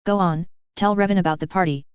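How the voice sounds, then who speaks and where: A woman's voice: fairly low pitch, steady tone, fast talker, clean tone, no echo, muffled recording, close to an everyday voice. A woman reading aloud, voicing a male tavern keeper who coaxes a guest to tell his story. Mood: coaxing. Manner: coaxing. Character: pushy male tavern keeper egging on gossip.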